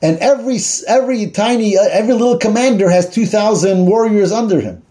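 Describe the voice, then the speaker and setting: A scornful, boasting royal envoy with a high, mellow voice, as a male teacher puts him on. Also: a little fast, close to an everyday voice. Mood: taunting. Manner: taunting, boastful. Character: arrogant male royal envoy, mocking and threatening.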